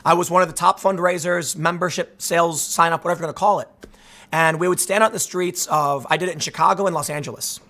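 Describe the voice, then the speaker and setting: A man in his thirties delivers an off-the-cuff commentary monologue in a noticeably high voice. He talks casually and sarcastically, often restarting sentences and wandering into asides. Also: fairly even intonation, fast, bright, forceful tone. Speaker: political commentary host.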